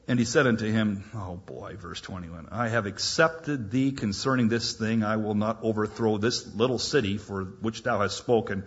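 A man preaching a sermon in an animated way, acting out back-and-forth dialogue between God and a reluctant believer. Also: on the low side, moderate pace, breathy edge, muffled recording.

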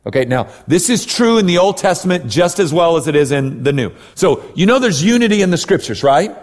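A man's voice: on the high side, big pitch swings, a little fast. A man preaching a sermon in a conversational style, often asking "right?" and restarting his sentences. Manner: conversational preaching with frequent tag questions and restarts. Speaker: pastor. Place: church hall. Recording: reverberant hall.

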